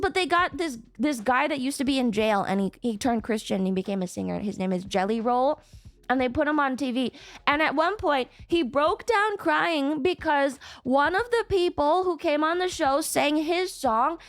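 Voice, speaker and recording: High-voiced woman streamer, rambling. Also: no echo. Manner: rambling, frequent swearing. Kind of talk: casual stream chat.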